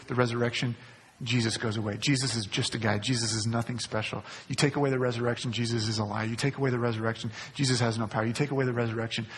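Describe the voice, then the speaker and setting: A male pastor preaching a sermon, repeating key phrases for emphasis. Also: medium pitch. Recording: long hall reverb.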